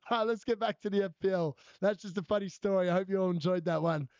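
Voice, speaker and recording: A man's voice: high-pitched, darkish tone, clear, resonant tone, no echo. A man, hosting a fantasy football live stream, telling a story in casual chat and laughing often while he answers viewers. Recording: dull lo-fi stream audio.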